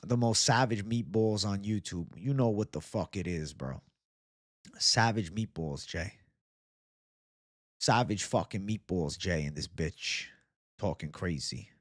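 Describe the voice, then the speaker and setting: A man's voice: deep voice, animated, measured pace, long pauses, no room sound, studio quality. A young man from Boston hosting a casual live chat. He talks loosely and swears a lot. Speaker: livestream host.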